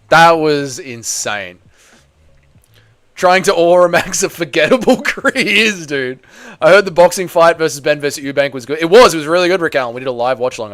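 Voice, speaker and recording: A man's voice: fairly high pitch, fairly bright tone, clear, resonant tone. A young man hosting a live fight watch-along, chatting casually and joking while answering the chat. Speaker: host.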